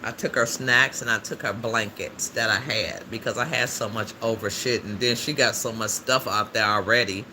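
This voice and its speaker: A man's voice: lowish voice, fairly even intonation, normal speed, few pauses, sharp tone. A man hosting a casual livestream, chatting freely and answering viewer comments aloud, laughing often. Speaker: livestream host. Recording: noisy background ambience.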